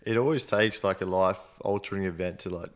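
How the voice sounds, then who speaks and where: A man's voice: low voice, fairly quick. A man hosting a podcast, laid-back and asking short questions. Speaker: podcast host. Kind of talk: casual podcast chat.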